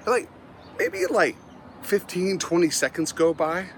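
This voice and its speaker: A middle-aged man, a Christian motivational speaker, telling humorous stories about himself in an animated, self-mocking way and often laughing at his own tales. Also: sits high, a little slow, a little hiss or hum. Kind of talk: humorous storytelling talk.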